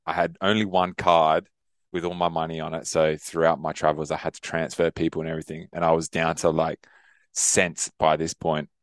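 A young podcast co-host with a rumbling low voice rambles through stories at a moderate pace in a completely flat delivery. He laughs often and swears casually in this relaxed chat, recorded with studio quality and no room sound.

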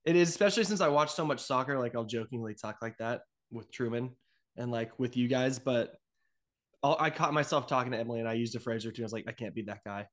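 Young male co-host, relaxed chat with jokes; mid-pitched, ordinary voice. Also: fast talker. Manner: easygoing, joking banter. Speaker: podcast co-host. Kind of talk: casual chat.

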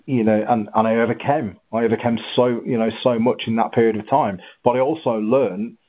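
A husky-voiced man telling his story in an interview, animated, with halting restarts. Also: mid-range voice. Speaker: guest, ultra runner. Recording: tinny phone-like line.

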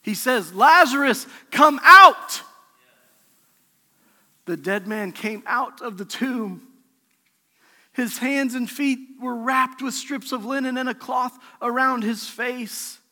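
A man preaching a sermon as pastor, impassioned, swinging from soft lines to shouted calls. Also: very high-pitched, slow. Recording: long hall reverb.

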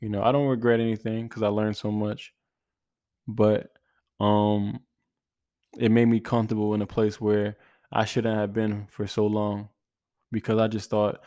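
A man's voice: lowish voice, level tone, unhurried, pauses often, dark tone, no room sound, studio quality. A man in his twenties hosting a podcast, giving an earnest, casual motivational talk full of slang, repeated phrases and restarts. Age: 20s. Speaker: podcast host.

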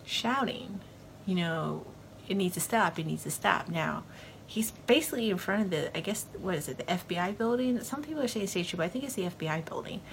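A woman's voice: mid-range voice, animated, fairly quick, creaky, slight background noise. Woman rambling through a show recap. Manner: rambling, loose, full of fillers like "you know". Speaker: podcast host. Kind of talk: casual episode recap.

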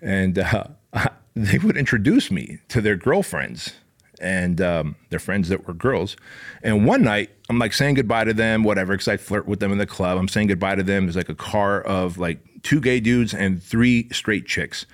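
A man's voice: lowish voice, lively intonation, moderate pace. A man telling a personal story in a casual, rambling way, full of profanity and fillers.

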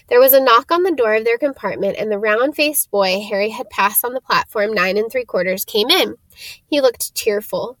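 A woman reading a storybook aloud, steady with small stumbles over names. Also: a little high, no echo. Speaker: reader.

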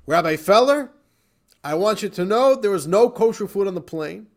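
An exasperated middle-aged professor, as a man puts him on bursts out loud and high, well above the teller's own voice, with a gravelly edge. He rants at full force. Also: rapid-fire. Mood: indignant. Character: indignant middle-aged male professor, fed up.

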